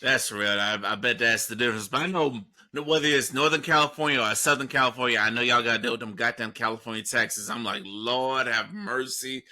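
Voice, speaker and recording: A man's voice: mid-range voice, steady tone, fast, few pauses, pushed and bright. A man from Florida hosting a podcast, chatting in a joking, emphatic way. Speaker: podcast host. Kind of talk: casual chat.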